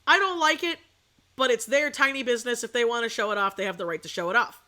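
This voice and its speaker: A woman's voice: a little high, fast talker. A young woman streaming as a VTuber, chatting casually and bluntly, with a sore throat. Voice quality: outspoken, animated storytelling. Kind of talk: casual chat.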